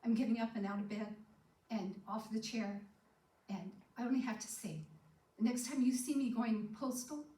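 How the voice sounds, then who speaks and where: A woman's voice: on the high side, normal speed. Woman telling her story in an echoey hall. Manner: storytelling, acting out dialogue with animated shifts. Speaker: guest speaker sharing testimony. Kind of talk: personal testimony talk. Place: church hall. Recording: echoey hall, distant from the mic.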